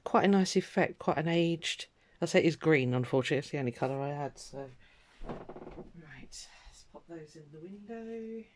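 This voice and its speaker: Her voice is low-pitched with lively intonation at a moderate pace, plus a slight hiss or hum in the recording. She's a crafting vlogger who chats casually and rambles, often breaking off and starting over with lots of ums.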